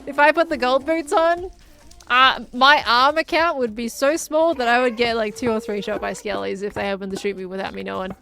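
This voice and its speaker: A woman's voice: on the high side, a bit bright. A woman chatting casually and giggling as she thinks aloud while playing a game. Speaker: gaming streamer.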